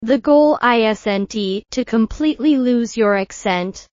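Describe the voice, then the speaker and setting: A woman teaching an English pronunciation lesson in a scripted style, modelling words slowly and clearly for the learner to repeat. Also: fairly high pitch, darkish tone, dry recording, lo-fi sound. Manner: slow, deliberate, models words for repetition.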